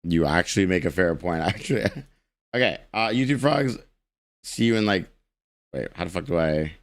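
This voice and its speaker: A man's voice: deep voice, expressive, normal speed, no room sound, studio quality. A young man live streaming, chatting casually with his chat, rambling, joking and swearing freely.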